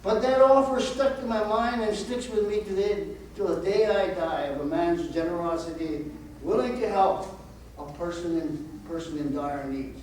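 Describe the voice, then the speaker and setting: An elderly man in his eighties tells his life story to a college audience, earnest and fond of repeated rhetorical questions. His voice sits high for a man. He is picked up from a distance in a very echoey auditorium, with a faint noise underneath. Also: normal speed, a little mellow. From United States. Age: 80s. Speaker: guest speaker. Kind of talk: personal storytelling talk.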